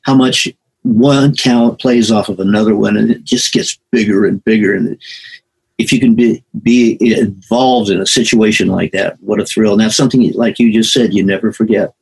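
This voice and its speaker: Gravelly-voiced man in his eighties. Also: fairly low pitch, fairly even intonation, normal speed, darkish tone, rough recording. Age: 80s. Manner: rambling anecdotes with many fillers and restarts. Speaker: veteran musician guest. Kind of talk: storytelling in a conversation.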